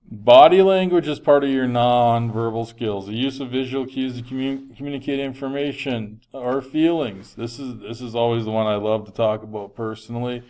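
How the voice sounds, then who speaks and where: A man's voice: medium pitch, normal speed, few pauses, darkish tone. A man, a teacher, giving a recorded health lesson in a conversational, projecting voice with frequent fillers. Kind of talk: classroom lecture.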